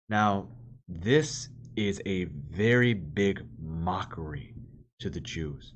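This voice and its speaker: A low-pitched man reads scripture and explains it in an earnest, explanatory way, leaning hard on important words. The recording is dull and lo-fi. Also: expressive, slow. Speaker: priest leading a Bible study. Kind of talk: scripture reading with commentary.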